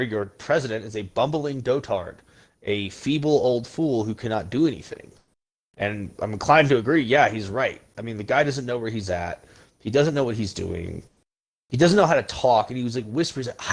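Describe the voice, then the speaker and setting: A male podcast host with an ordinary mid-range voice rants casually about current affairs. He is blunt and heated and swears freely. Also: medium pitch. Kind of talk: casual political rant.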